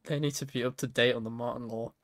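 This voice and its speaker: A man's voice: medium pitch, fairly even intonation, fast talker, a bit bright, dry recording. A young man on a casual gaming livestream, joking and bantering playfully with a friend. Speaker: streamer.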